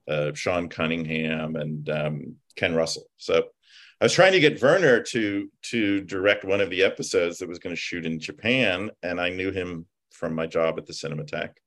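A man, a film writer and producer, chatting casually and telling animated stories full of fillers and digressions. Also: low-pitched. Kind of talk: casual chat.

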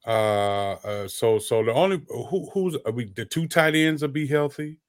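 A man's voice: mid-range voice, lively intonation, a little slow. A man hosting a casual sports podcast, often repeating words as he gathers his thoughts. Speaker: podcast host, former player.

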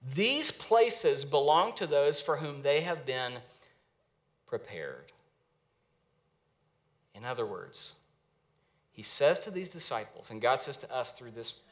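A young man, a pastor, preaching a sermon with earnest, emphatic rises and pauses. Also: mid-range voice, sharp tone. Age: young adult.

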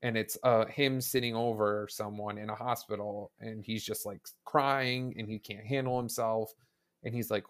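On the low side and fairly even in intonation, this man's voice moves at a moderate pace. As a guest on a casual podcast, he rambles excitedly about a video game, often restarting what he's saying.

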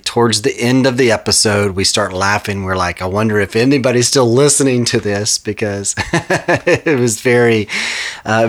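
A man hosting a podcast, reading an ad and introducing his guest in a relaxed, rambling way with many fillers and restarts. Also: fairly low pitch. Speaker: podcast host. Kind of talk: casual podcast ad read and intro.

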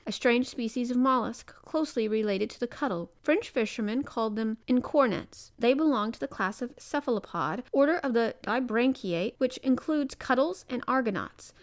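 A woman reading a classic adventure novel aloud in a measured, careful way, with the odd small slip. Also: on the high side. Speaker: reader.

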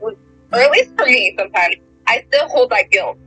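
A woman's voice: fairly high pitch, animated, brisk, bright, forceful tone, slightly rough, faint music behind, rough recording. A young woman on a casual faith chat, speaking hesitantly and filling her sentences with "like". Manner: hesitant, full of likes. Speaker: guest.

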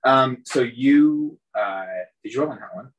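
A man's voice: mid-range voice, unhurried, muffled recording. A man narrating as game master of a tabletop game, loose and rambling with many fillers.

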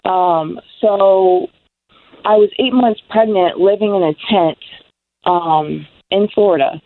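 A young woman giving an emotional personal testimony of her recovery, halting with many ums. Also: mid-range voice, no room sound. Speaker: guest sharing recovery story. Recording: dry tinny phone-like sound.

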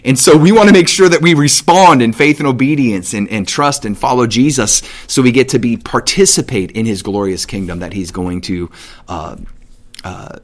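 Male Bible teacher, casual and animated, middle pitch, conversational podcast teaching. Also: moderate pace. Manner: animated, paraphrases God in everyday speech.

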